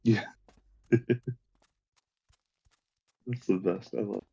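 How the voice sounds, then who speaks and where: A man leading a game raid over voice chat, calmly giving directions to the group. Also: on the low side, extremely slow, gravelly, slightly rough, muffled recording. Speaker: raid leader. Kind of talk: casual voice chat while gaming.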